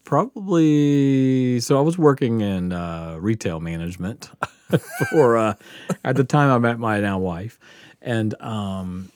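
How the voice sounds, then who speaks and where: A man, a podcast host telling a story in casual chat, animated and profane, laughing often and acting out quotes. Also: mid-range voice, slow pace, smooth, no room sound, clean studio sound. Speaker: podcast host answering questions.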